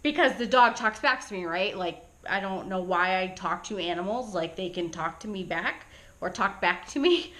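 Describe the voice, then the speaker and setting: A woman pet sitter telling a story in a casual storytime vlog, chatty and animated, full of "like" and "right?" asides. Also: medium pitch.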